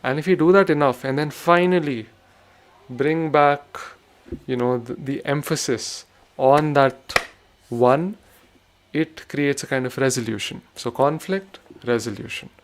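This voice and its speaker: A man at an ordinary mid pitch teaches rhythm, talking it through patiently and breaking into chanted counting syllables. A faint hiss sits under the recording. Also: measured pace. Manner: explains patiently, recites rhythm syllables aloud. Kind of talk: spoken music lesson with chanted syllables.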